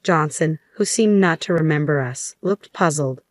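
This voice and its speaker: A woman narrating a story in an even, unhurried scripted delivery. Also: low voice, no room sound.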